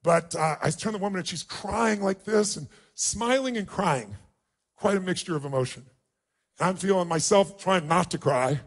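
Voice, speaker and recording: A middle-aged man speaks in a noticeably high voice, telling a personal story to an audience. He builds emphasis and emotion as he goes and acts out what people said. His delivery is that of a motivational speaker. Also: normal speed.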